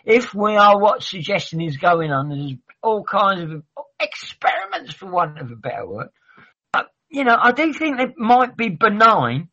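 Sweary man, bright lo-fi. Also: high voice, big pitch swings, normal speed. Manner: rambling, sweary, argumentative. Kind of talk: heated casual chat. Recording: dull lo-fi audio.

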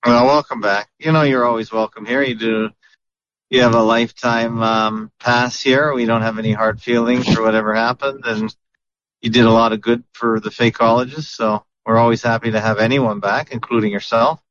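A man's voice: medium pitch, steady tone, normal speed, fairly bright tone, no echo. A man hosting a podcast in a chatty, casual way, with lots of fillers and restarts. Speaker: podcast host. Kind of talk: casual chat. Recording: muffled lo-fi audio.

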